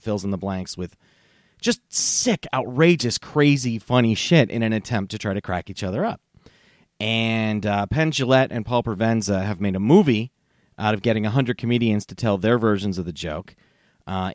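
A man hosting a podcast, casually telling a dirty joke in a profane, animated way. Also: fairly low pitch, no room sound, clean studio sound. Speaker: podcast host. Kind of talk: casual comedic storytelling.

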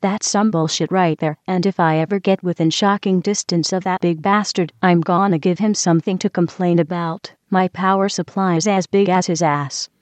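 A woman's voice: lowish voice, normal speed, hardly any pauses, no room sound, natural voice. A text-to-speech woman as a cursing computer. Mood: angry. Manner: flat synthetic delivery, profane outbursts. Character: foul-mouthed female computer assistant.

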